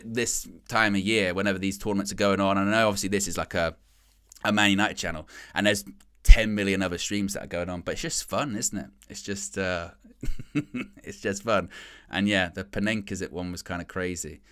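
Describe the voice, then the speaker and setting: A man chatting casually and rambling excitedly about football on a fan channel's live stream, laughing often. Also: low-pitched, normal speed, clear, resonant tone. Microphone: headset.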